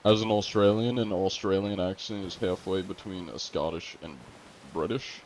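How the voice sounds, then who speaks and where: Low-voiced chatty male streamer. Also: moderate pace, darkish tone, slight background noise. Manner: chatty, reads viewer chat aloud, laughs often. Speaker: game streamer. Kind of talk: casual live-stream chat.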